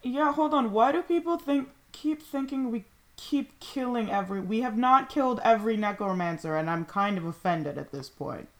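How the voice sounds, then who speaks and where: A woman playing a tabletop game, who talks in flustered, quick objections. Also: on the high side, lively intonation. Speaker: player.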